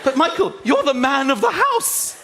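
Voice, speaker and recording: A man's voice: extremely high pitch, big pitch swings, normal speed, creaky, a bit bright, in a large hall, pitched above the performer's own voice, exaggerated voice. A man voicing an anxious wife who wakes her husband at night, pushing him to check a noise. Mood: insistent.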